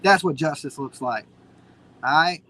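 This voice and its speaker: Fired-up high-voiced man. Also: unhurried, fairly bright tone, poor audio. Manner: mocking, combative and fired up. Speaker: live-stream host. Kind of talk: heated casual commentary.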